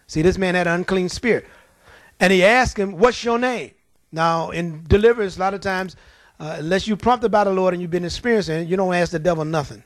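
A male preacher delivering a lively, folksy sermon, telling stories with laughter and reading scripture slowly. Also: high voice, no echo. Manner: animated, folksy, laughing at his own stories; reads scripture slowly and deliberately.

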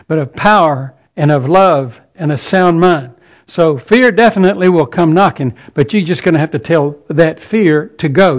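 A man preaching a sermon, earnest, often repeating words as he builds each point. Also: sits high.

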